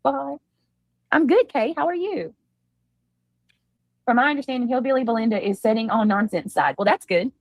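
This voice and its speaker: Chill woman streamer, drawn-out hellos to chat, bit high voice, dry close sound. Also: no echo. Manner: laid-back, drawling greetings to viewers. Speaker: livestreamer. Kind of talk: casual livestream chat.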